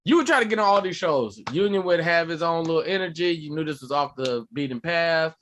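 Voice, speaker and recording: A man, a comedian and podcast co-host, telling animated, profane stories in casual chat. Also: a little high, a little fast, slight background noise.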